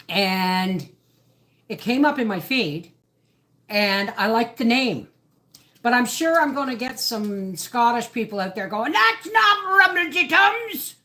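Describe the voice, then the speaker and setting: A woman's voice: a little high, expressive, measured pace, pauses often, fairly bright tone. A woman, hosting a casual live stream from her home kitchen while cooking. She rambles and cuts herself off mid-thought. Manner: chatty, rambling, self-interrupting. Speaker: homesteading livestream host.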